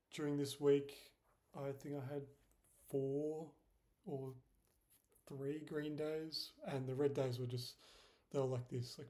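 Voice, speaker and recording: A man's voice: mid-range voice, dark tone. A young man in casual screen-share commentary, rambling and self-deprecating, with many fillers. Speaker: trading vlogger.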